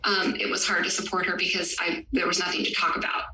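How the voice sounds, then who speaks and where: A woman hosting a podcast, speaking earnestly and haltingly with many fillers as a parent. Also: lowish voice, level tone, bright, forceful tone. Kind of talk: personal reflective conversation. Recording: distant echoey room, faint background noise.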